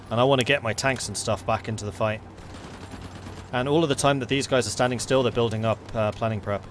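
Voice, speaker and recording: A man with a South London accent narrating his strategy game playthrough in a playful, theatrical way. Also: mid-range voice. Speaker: gaming channel host. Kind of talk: strategy game let's play with dramatic narration.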